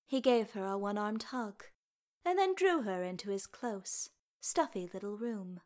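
A woman narrating a story in an even, storytelling manner. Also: mid-range voice, normal speed. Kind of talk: storybook reading of fan fiction.

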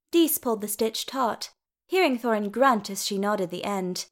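A woman narrating a story in an unhurried, even manner. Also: mid-range voice. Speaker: reader. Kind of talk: storybook reading.

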